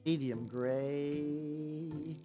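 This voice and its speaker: A man's voice: a little high, fairly even intonation, extremely slow, mellow. A man chatting casually on a live stream while painting miniatures, rambling, joking and swearing as he talks to viewers. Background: faint background music.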